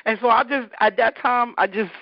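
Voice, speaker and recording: A woman's voice: fairly high pitch, brisk, no echo. Woman DJ telling stories, dull dry sound. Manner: animated, acts out the people she quotes. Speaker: interview guest, DJ. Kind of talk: conversational storytelling.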